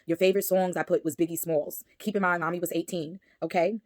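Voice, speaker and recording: A woman's voice: on the low side, steady tone, quick pace, no echo, studio quality. A woman, casually reading aloud from her son's baby book and reminiscing, chatty and laughing often. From Brooklyn, New York.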